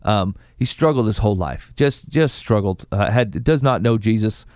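A man on a faith podcast, chatting casually and telling stories with animated quoted asides. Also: on the low side, moderate pace, no echo, clean studio sound. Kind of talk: casual chat about faith.

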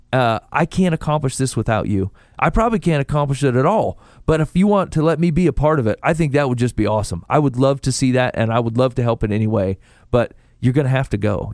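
A man on a faith podcast, chatting casually and telling stories with animated quoted asides. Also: medium pitch, no room sound, clean studio sound. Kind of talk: casual chat about faith.

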